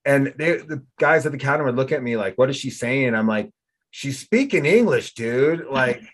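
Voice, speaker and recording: A man's voice: mid-range voice, a little fast, a bit bright. A middle-aged man from North Dakota hosting a casual chat, telling stories and acting out the exchanges he describes. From North Dakota, USA. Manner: chatty storyteller, acts out quoted exchanges. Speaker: podcast host. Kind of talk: casual conversation.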